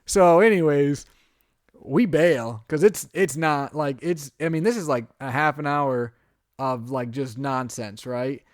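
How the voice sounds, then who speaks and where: A man's voice: a little high, measured pace, no room sound, studio quality. A man co-hosting a podcast, telling a long story in casual chat and acting out his own reactions. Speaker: podcast co-host.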